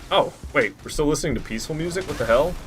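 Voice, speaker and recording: A man's voice: fairly high pitch, racing. A man streaming a game, talking casually and swearing a lot as he rambles and reacts. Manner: profane, excitable, rambling. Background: faint game music.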